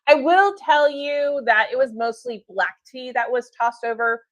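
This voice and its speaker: A woman's voice: on the high side, measured pace, dry recording. A woman hosting a live stream for her tea shop, talking in a chatty, upbeat way with fillers and laughs. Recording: dull lo-fi stream audio.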